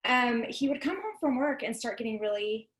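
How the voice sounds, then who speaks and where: A woman's voice: fairly high pitch, lively intonation, normal speed. Speak as a chatty woman in an echoey room. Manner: chatty, many fillers and restarts. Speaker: guest telling her story. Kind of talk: personal testimony on a video call.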